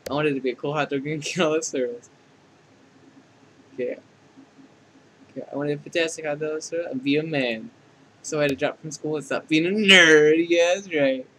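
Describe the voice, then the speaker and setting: A man's voice: fairly high pitch, normal speed, long pauses, bright, forceful tone, slight background noise, poor audio. A man voicing a sheepish young male player character in a fan dub of a dating game, telling his story in a fumbling, self-conscious way.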